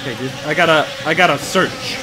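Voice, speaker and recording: A man's voice: a little high, fairly quick. A young man playing a horror game, nervous and jumpy, talking to himself as he searches and reads notes aloud. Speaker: gaming YouTuber. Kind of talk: horror game let's play. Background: game music.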